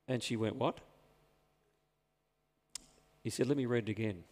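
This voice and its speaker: A man preaching a sermon as pastor, earnest and slowing down to stress his points. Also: lowish voice, steady tone, a little mellow. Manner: earnest, slows down for emphasis. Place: church. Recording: long reverb of a church hall.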